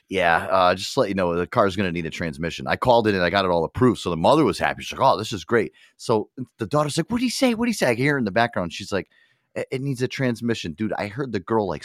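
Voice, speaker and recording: A man's voice: low-pitched, dry recording, studio quality. A man hosting a podcast, telling stories in casual, profane banter and laughing often. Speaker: podcast host.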